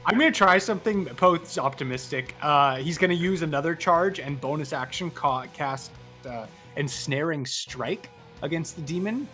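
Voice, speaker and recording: A man playing a tabletop game, lively and hesitant with fillers. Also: fairly high pitch, normal speed, soft background music. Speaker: player.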